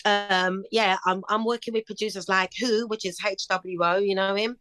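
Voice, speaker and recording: A woman's voice: medium pitch, steady tone, normal speed, a bit bright, no room sound. A middle-aged woman talking as a guest in a casual interview, chirpy and upbeat, telling stories with animation. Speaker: guest singer.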